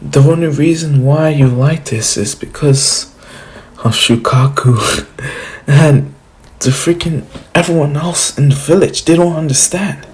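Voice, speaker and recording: A man's voice: on the high side, measured pace, a little mellow, pitched above the performer's own voice, close to an everyday voice. A man voicing an earnest, kind boy ninja in a retold fan story, speaking in a reassuring way.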